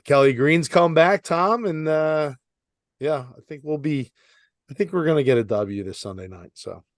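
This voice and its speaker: A man's voice: on the high side, moderate pace, dry recording, clean studio sound. A man with a Philadelphia accent co-hosting a podcast, ranting bluntly and swearing in casual chat. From Philadelphia area. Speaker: podcast co-host.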